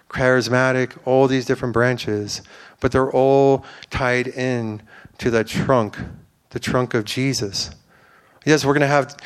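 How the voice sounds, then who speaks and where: A man's voice: mid-range voice, clean tone. A man giving an informal, earnest sermon to a church, rambling with fillers and restarts. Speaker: preacher.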